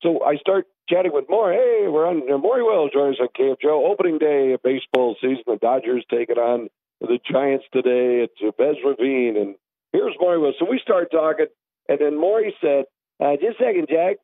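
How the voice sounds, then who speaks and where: A man's voice: a little high, brisk, dry recording. Man telling radio stories over a phone line. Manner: animated, acts out quoted callers. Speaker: sports radio host. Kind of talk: casual storytelling chat.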